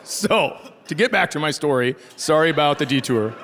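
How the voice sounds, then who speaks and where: The Minnesota comedian sounds fairly high and expressive, talking at normal speed through profane, sarcastic family stories on a comedy stage. The live recording has loud crowd laughter and a slight hiss or hum.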